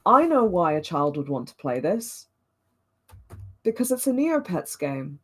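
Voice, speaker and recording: Low-voiced woman in chatty commentary. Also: big pitch swings, slightly rough. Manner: chatty, self-mocking, quick to laugh. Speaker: host watching back her old videos. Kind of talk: casual watch-along commentary.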